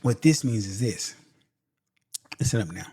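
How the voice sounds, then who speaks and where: A man's voice: fairly low pitch, animated, unhurried, mellow, breathy edge, no echo, studio quality. A man hosting a podcast, giving a casual motivational talk straight to his listeners, driving points home by repeating them. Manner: emphatic, repeats points for stress; casual, addresses listeners directly as y'all. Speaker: podcast host.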